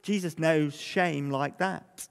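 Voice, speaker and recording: A man's voice: on the high side, slow pace, vocal fry, smooth. A man preaching an all-age sermon, telling little stories and acting out the voices of scolding parents and teasing children. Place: church. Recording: long echo from a large church hall.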